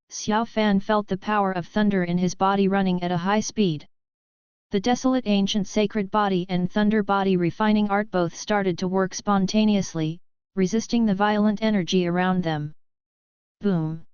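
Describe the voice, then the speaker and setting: Very smooth woman narrating an audiobook. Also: mid-range voice, darkish tone, no echo. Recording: slightly dull lo-fi recording.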